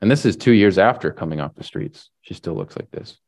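A man's voice: deep voice, expressive, a little fast, darkish tone. A man preaching a sermon, retelling a story in a casual way with lots of "like" and "right?". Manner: casual, filler-heavy retelling with frequent "like" and "right?".

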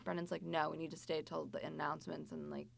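A woman chatting casually about a book and telling a story, full of fillers and lively asides. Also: low-pitched, fast talker, vocal fry.

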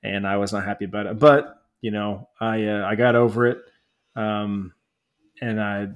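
A man's voice: lowish voice, moderate pace. Rambling, ranting American man. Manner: rambling storyteller, laughs often, animated when ranting. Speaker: podcast co-host. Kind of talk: casual chat.

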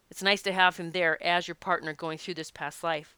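A woman who works as a past life regression practitioner, talking casually to her audience and telling stories in an animated, emphatic way. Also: fairly low pitch, quick pace, hardly any pauses, clear, resonant tone, dry recording. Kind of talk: casual spoken talk to an audience.

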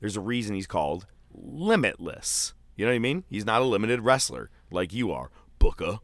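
A man chatting casually as a podcast co-host, telling a loose, profane story full of fillers and jumping into animated quoted voices. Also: a little fast, no echo. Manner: animated, jumps into high-pitched quoted voices. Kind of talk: casual chat.

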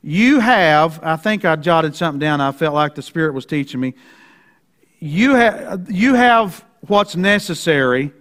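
Male pastor with a high voice. Folksy and emphatic from the pulpit, and he slows right down for scripture. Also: lively intonation, fairly bright tone. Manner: slows down to read scripture deliberately. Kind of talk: sermon.

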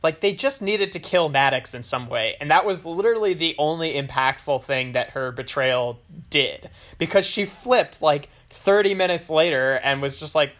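A man with a somewhat high voice in a relaxed podcast chat. He rambles through his points and swears casually as he goes. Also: normal speed, few pauses.

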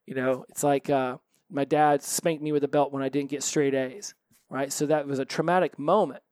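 A man's voice: mid-range voice, steady tone, normal speed, darkish tone, smooth, no room sound, clean studio sound. A man hosting a solo recovery podcast, talking earnestly and animatedly, often repeating phrases for emphasis.

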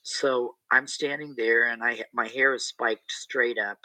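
A man's voice: medium pitch, steady tone, a little slow, sharp tone, dry recording, low-quality recording. A middle-aged man, an entertainer, telling a rambling story in a casual interview with many restarts and asides.

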